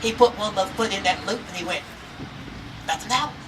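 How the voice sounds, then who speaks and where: A woman telling a folk tale to a live audience at an outdoor festival, lively and talking straight to her listeners. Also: mid-range voice, fast. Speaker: storyteller. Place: outdoor town square festival. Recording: outdoor, mic far off, faint noise.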